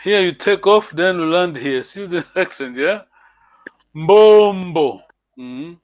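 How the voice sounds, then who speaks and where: A man's voice: sits high, animated, moderate pace, no echo. A man teaching a language lesson over a video call, patient and encouraging, laughing often. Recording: dull lo-fi video call audio.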